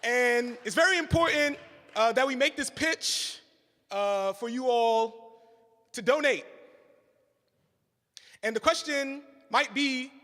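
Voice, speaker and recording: A radio co-host speaking at a live church-hall fundraiser delivers a rousing speech and story with call-and-response. His very high voice sounds pushed and bright, and he talks slowly, pausing often, amid the hall's reverberation.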